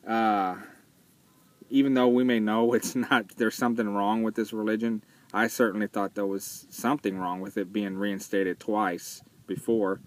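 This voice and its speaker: A man with a slightly low voice talks through a film in a casual vlog. His delivery is earnest and conversational, broken up by filler words and small restarts. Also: steady tone, moderate pace. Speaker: vlogger reviewing a film. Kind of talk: casual spoken commentary.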